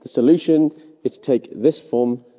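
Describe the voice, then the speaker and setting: A man's voice: mid-range voice, moderate pace, warm tone, in a large hall. A man coaching the overhead press, giving short firm cues as he demonstrates. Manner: instructive, cue-giving.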